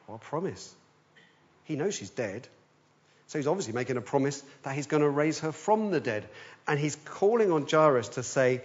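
A man preaching a sermon, telling the story with animation, swinging between urgent and hushed. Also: on the high side, lively intonation, normal speed, lo-fi sound.

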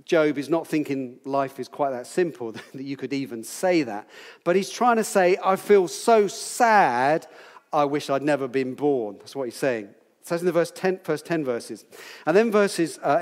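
A man's voice: on the high side, a little mellow, big-room sound. Chatty older man teaching scripture. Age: 60s. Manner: chatty, playful, asks the group questions. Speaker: Bible teacher. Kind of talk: informal Bible teaching to a group.

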